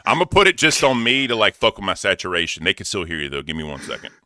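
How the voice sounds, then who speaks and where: A man co-hosting a casual livestream, loudly shouting out donations with plenty of swearing. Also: low voice, big pitch swings, fast talker, no echo, studio quality. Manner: loud, profane, hyped shout-outs. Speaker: stream co-host.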